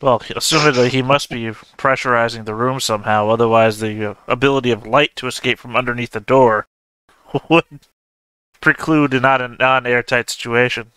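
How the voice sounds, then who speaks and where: Male player, wordy and pedantic, bright clear voice, dry recording. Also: mid-range voice, steady tone, normal speed, dry recording. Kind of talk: casual chat.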